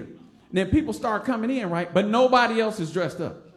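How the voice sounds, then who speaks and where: An animated man from Detroit tells a personal story onstage, playing out the other voices as he goes. His voice sits high and swings widely in pitch. The sound carries an echoey room around it. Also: quick pace. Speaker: storyteller, stand-up comic. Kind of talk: live personal story on stage.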